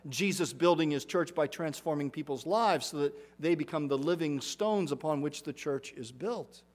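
A man's voice: a little high, moderate pace. A middle-aged man, a pastor, preaching a sermon in an earnest, emphatic way, repeating phrases for weight.

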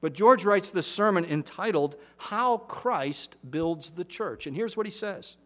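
A man's voice: sits high, lively intonation, a little slow, a bit bright. A middle-aged man, a pastor, preaching a sermon in an earnest, emphatic way, repeating phrases for weight.

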